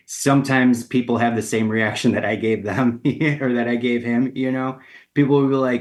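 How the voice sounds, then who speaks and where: A ceramic artist, a man with a mid-range voice, tells a casual story as a guest on a radio interview, speaking at a moderate pace. He's animated and acts out the lines of the people in it, using plenty of fillers.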